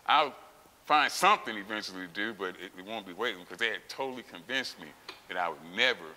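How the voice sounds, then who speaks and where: A middle-aged man speaks in a low, hard-edged, forceful voice, telling his story with constant swearing and sudden loud bursts. His words ring out with a long reverb and a faint hiss behind them, as if taped in a big gym. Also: animated, quick pace. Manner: profane, emphatic, acts out quotes with loud outbursts. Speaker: guest, former champion weightlifter. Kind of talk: candid interview storytelling.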